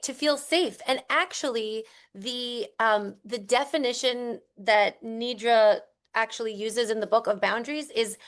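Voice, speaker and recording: A woman co-hosting a podcast who speaks thoughtfully and warmly affirms her partner's points. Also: on the high side. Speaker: podcast co-host. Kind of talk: conversational podcast discussion.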